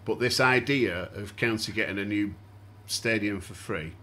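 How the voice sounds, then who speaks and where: A man's voice: on the low side, moderate pace. A man hosting a fan podcast, walking through events step by step and putting questions to his guests. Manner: steady explanatory recounting with questions to guests. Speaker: podcast host. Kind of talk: casual podcast chat.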